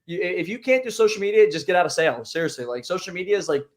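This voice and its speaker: A host with a somewhat high voice chats casually in an interview. He tells stories in an animated way and acts out the voices of the people he quotes. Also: very fast.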